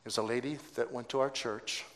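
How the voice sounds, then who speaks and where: Male pastor, mid voice, animated sermon storyteller, reverberant sanctuary. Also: mid-range voice, fast talker. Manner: animated, acts out quoted voices, stammering restarts. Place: church sanctuary. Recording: long hall reverb.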